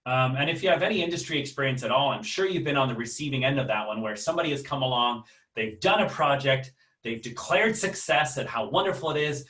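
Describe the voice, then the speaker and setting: An American man gives a casual online lecture in a mid-pitched voice, stopping on ums and restarts and asking his listeners questions. He sits a little back from the mic, and the room adds a noticeable echo. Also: lively intonation, quick pace, sharp tone, far from the mic. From United States. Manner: conversational, many fillers and restarts, asks the audience. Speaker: webinar lecturer. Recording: roomy sound, voice a bit off-mic.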